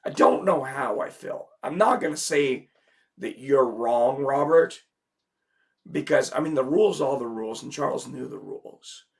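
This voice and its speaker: A man's voice: medium pitch, moderate pace, creaky. A man who is sick and losing his voice, hosting a casual livestream and talking through viewer comments in a rambling way. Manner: rambling, filler-heavy. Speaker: livestream host.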